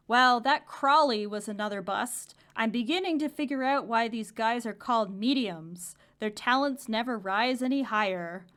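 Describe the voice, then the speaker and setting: A woman doing a smug cartoon duck hero who delivers slow, dry quips. His voice sits fairly high. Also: fairly bright tone, lightly acted. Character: smug male duck superhero, quipping.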